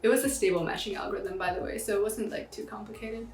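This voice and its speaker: A woman's voice: medium pitch, quick pace, soft background music. Chatty young woman in an echoey room. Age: young adult. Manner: chatty, slangy, animated retelling. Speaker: vlogger. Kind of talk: casual storytelling vlog.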